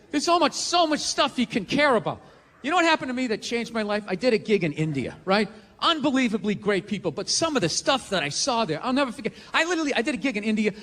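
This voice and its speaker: A male stand-up comedian doing a blunt, profane, ranting routine on a talk show stage, often shouting. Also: very high voice, a little hiss or hum. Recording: live studio audience, reverberant hall.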